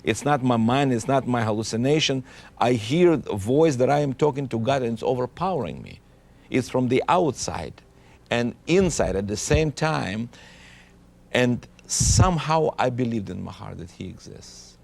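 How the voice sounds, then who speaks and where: A man from Ukraine, telling his life story in an interview in an earnest, halting way, often restarting his sentences. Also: mid-range voice, very animated, vocal fry, darkish tone. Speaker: interviewee giving a testimony. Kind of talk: personal testimony interview.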